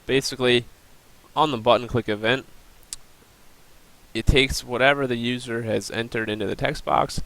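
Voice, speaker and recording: A man's voice: mid-range voice, fairly even intonation, normal speed, pauses often, a bit bright, rough recording. A young man giving a recorded class presentation, plainly explaining and walking through a screen demo with the odd um and uh. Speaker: student presenter.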